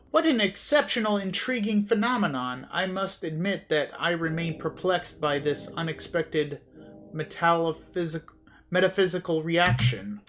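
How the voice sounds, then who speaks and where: A man's voice: a little high, fairly bright tone, voice pushed up. A man voicing a fussy, formal male game character in a put-on Southern accent while reading game dialogue aloud, over game music. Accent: put-on American Southern.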